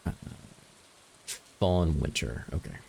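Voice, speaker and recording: A man's voice: rumbling low, a little slow, vocal fry, dark tone, slight background noise. A man casually commentating a farming game as he plays, thinking aloud and dropping dry, self-mocking jokes. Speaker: gaming channel host. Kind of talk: casual let's-play commentary.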